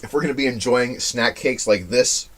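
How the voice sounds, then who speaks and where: A young man co-hosting a casual snack-tasting chat, an animated storyteller who laughs as he talks. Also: mid-range voice, moderate pace, noisy background. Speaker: co-host.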